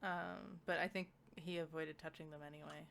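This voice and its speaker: A woman's voice: low voice, fairly even intonation, normal speed, creaky, a bit bright. A woman co-hosting a casual book club chat, talking loosely and laughing often.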